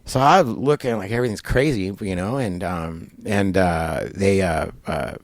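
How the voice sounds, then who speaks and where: A man's voice: sits low, measured pace, no echo. A man being interviewed, telling a long story casually with lots of fillers and acting out the voices of the people in it. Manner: animated storyteller, many fillers, acts out quoted voices. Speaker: guest. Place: barber shop.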